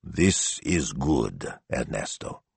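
A gruff, demanding older father grunts his words slowly, low and quiet, as a male narrator puts him on. The audiobook voice is deep and dry, with nothing of the room around it. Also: lively intonation, dry recording, full character voice.

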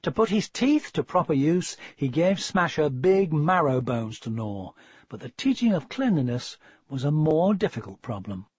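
A man reading a story aloud, with a voice that rises and falls freely and sits a little high for a man. The tone is husky, and the recording is dry and dull. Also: no room sound. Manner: expressive, measured storytelling. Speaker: narrator. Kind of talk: audiobook story narration.

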